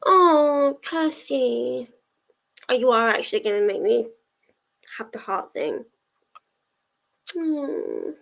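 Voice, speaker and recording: A young woman hosts a reading-sprint livestream, chatting casually, laughing often and getting teary. Her fairly high, gravelly, slightly bright voice swoops wildly in pitch, moving slowly with long pauses, and the recording quality is low.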